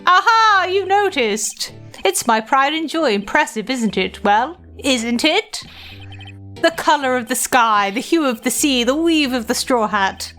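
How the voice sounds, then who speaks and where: A woman puts on a grand, pompous older lawyer who blusters and stammers his way out of taking a case. He talks at a slow, drawn-out pace and rises into bright, lofty exclamations. Soft game music plays underneath. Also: high voice, lively intonation, exaggerated voice. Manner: pompous, flustered, stammering excuses. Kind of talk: reading game dialogue aloud.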